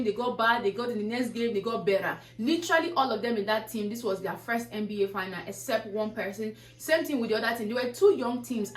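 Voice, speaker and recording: A woman's voice: a little high, reverberant, poor audio. A woman YouTuber giving a casual motivational talk, preaching through a stream of rhetorical questions.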